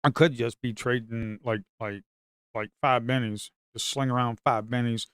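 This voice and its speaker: A man giving casual, rambling commentary on his trading screen, excitable and slangy. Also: medium pitch, normal speed, smooth, no room sound, studio quality. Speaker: futures trader and video host.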